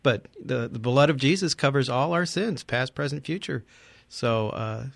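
Gravelly, calm pastor on the panel. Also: male voice, medium pitch, moderate pace, dry recording. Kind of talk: call-in radio talk.

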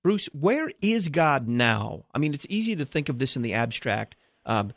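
A man hosting a live talk radio show, speaking in an earnest, measured way. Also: medium pitch, no echo, clean studio sound.

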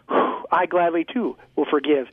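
Energetic pastor on a tinny phone line. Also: male voice, on the high side, takes it slowly, dry recording. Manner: energetic, ranting, jokey. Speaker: guest pastor. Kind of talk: call-in radio talk.

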